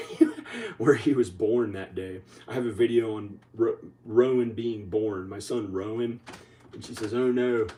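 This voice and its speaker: A man vlogging in a rambling, halting way, full of restarts, sounding tired and short on sleep. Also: lowish voice, dark tone, roomy sound, far from the mic, a little hiss or hum, poor audio. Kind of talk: rambling casual monologue to camera.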